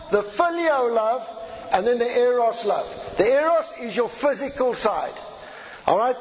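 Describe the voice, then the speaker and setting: High-voiced man preaching in a hall. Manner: teaching, checks in with the listeners. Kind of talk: sermon. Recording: dull audio with long hall reverb.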